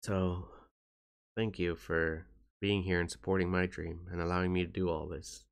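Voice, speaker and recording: A man vlogging to his viewers in a soft, halting way, tired and in pain. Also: low-pitched, little pitch movement, vocal fry, clean tone. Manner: soft-spoken, halting, with frequent restarts. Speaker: YouTuber. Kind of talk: casual talk to camera.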